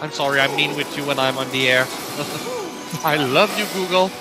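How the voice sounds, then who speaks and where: A man playing a video game, bantering casually, reacting loudly to the action and laughing a lot. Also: fairly high pitch, animated, moderate pace. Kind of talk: casual let's-play banter. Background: game music.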